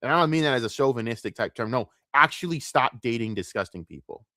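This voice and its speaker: A man's voice: medium pitch, animated, fast talker, bright, forceful tone, no room sound, studio quality. A man ranting profanely and with exasperation on his commentary stream.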